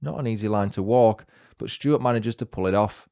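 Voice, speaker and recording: A man with a northern English accent hosting a podcast, narrating in a measured, scripted way with dry, wry asides. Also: on the low side, vocal fry, mellow, dry recording. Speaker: podcast host. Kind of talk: scripted true-crime narration.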